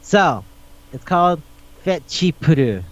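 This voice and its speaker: A man's voice: a little high, big pitch swings, slow pace, muffled recording. A man hosting a podcast in casual chat, rambling through a recap, swearing often and laughing as he talks. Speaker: podcast host.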